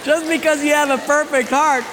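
A pastor preaching a sermon, telling a story with lively acted-out voices and frequent laughs. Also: male voice, extremely high pitch, normal speed. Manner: animated storyteller, acts out voices, laughs often. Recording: faint noise in a hall with long reverb.

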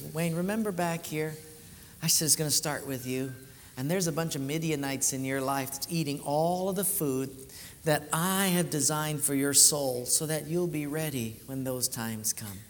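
Bright-voiced male pastor preaching in a hall. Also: fairly high pitch. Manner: animated storytelling, acts out quoted voices. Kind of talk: sermon. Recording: live hall reverb.

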